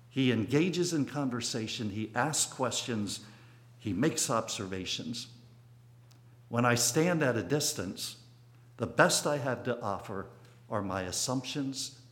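A man in his sixties giving a sermon, telling a personal childhood story in a reflective way, with sudden bursts of emphasis. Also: mid-range voice. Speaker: preacher.

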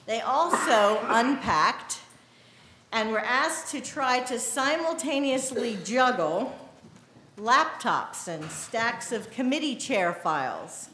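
A middle-aged American woman pastor preaching a sermon in a measured, deliberate way. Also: fairly high pitch, very animated, reverberant, background noise. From United States.

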